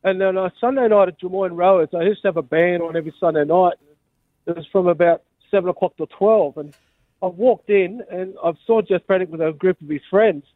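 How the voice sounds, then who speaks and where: Caller: Australian man, phone-line sound, higher voice, earnest and halting. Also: dry recording. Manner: earnest storytelling with hesitations. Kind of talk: radio call-in story.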